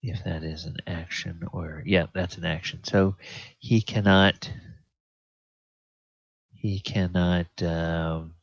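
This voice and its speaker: Slow, gravelly game master, man. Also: low voice, steady tone, no room sound. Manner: halting, full of ums and restarts. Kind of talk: narrating a tabletop game. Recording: slightly dull, dry audio.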